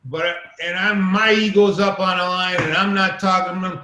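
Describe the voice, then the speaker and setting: A middle-aged man spins a long, rambling story, swearing freely as he goes. His voice sits a touch high and carries a roomy echo. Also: level tone, moderate pace, pushed and bright, a little hiss or hum. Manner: rambling, profane, acts out quoted exchanges. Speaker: podcast guest, filmmaker. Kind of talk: casual storytelling.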